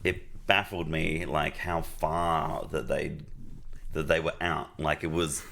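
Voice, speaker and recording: A man's voice: extremely low pitch, level tone, slow pace, creaky, a bit bright. A man co-hosting a podcast, rambling through a story in casual chat and laughing often.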